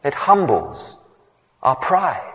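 A man's voice: on the high side, huge pitch swings, slow, a bit bright, in a large hall. A man preaching a sermon who tells stories and acts out the voices in them. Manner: storytelling, acts out voices in the anecdotes.

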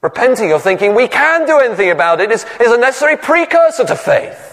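Pengkhotbah pria yang bercerita dengan ekspresif. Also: male voice, very high voice, sing-song, fast talker, fairly bright tone, long reverb tail. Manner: storytelling, acts out voices in the anecdotes. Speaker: preacher. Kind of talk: sermon.

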